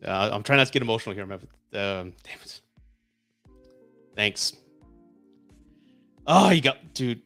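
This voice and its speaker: A man in his forties hosting a casual live stream, chatting excitedly and getting emotional when viewers send gifts. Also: fairly low pitch, measured pace, pauses often, faint music behind. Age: 40s.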